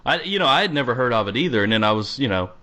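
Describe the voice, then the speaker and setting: A man's voice: medium pitch, expressive, very fast, sharp tone. A man hosting a casual interview, easygoing and encouraging as he asks questions. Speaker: host.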